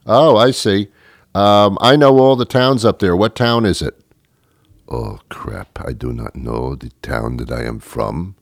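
A man voicing a phony Frenchman at a hotel bar, talking in a hushed, slow, suave fake French accent. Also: low-pitched, creaky, no room sound, studio quality. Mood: flustered.

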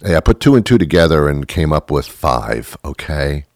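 Deep-voiced man ranting sarcastically. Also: expressive, fast talker, a little mellow, no echo, studio quality. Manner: rambling, sarcastic, self-mocking rants. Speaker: podcast host. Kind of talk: comedic monologue.

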